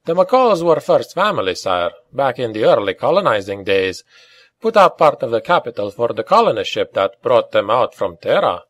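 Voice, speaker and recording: A man voicing a big, earnest Scottish male officer with a deep, gruff voice in an audiobook reading. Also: sing-song, normal speed, no echo. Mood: explaining. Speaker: mercenary major.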